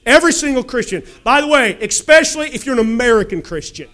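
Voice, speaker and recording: Brief: high-pitched male preacher, emphatic sermon delivery, calls for amens. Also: animated, fast, sharp tone. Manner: emphatic, asks the congregation questions and calls for amens.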